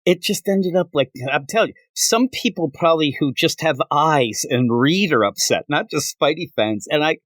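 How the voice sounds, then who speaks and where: A man's voice: on the high side, lively intonation, moderate pace, hardly any pauses, fairly bright tone, dry recording. A man hosting a comics podcast, talking casually and animatedly, often repeating "I'm telling you.". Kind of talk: casual chat.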